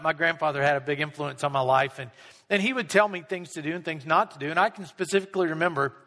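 A male pastor preaching a conversational sermon, slipping into quick impressions of everyday people. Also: sits high, sharp tone, big-room sound. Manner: conversational, acts out people's voices in quick asides.

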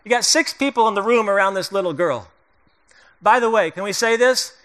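A middle-aged male pastor preaches a sermon in a loose, conversational way, joking with the congregation and acting out the voices of the people in the story. His voice sits high and sounds bright and forward. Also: fairly quick, clean tone.

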